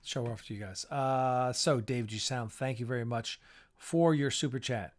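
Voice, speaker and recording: A man's voice: mid-range voice, normal speed. A man hosting a casual live-stream chat. He sounds tired and yawns, and he gives blunt, opinionated takes. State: tired and yawning.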